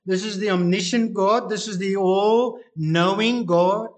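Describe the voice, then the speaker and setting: A man preaching a sermon, reading scripture and explaining it with slow, deliberate emphasis. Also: high voice, fairly even intonation.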